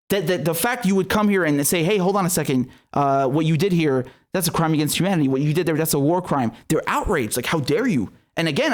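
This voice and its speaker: A man with a somewhat high-pitched voice delivers a political commentary monologue. He sounds heated and indignant, swears freely and keeps stumbling over restarts as he presses his point.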